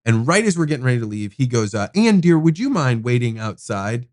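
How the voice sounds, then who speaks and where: A man hosting a podcast, telling a personal story in a rambling, animated way with casual swearing. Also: mid-range voice, brisk, no echo, clean studio sound. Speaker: podcast host.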